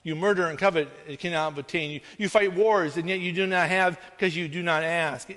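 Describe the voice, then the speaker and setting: High-voiced pastor preaching in a reverberant hall. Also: male voice, steady tone, a little fast, a bit bright. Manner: earnest, conversational preaching with frequent "right?" asides. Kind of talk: sermon.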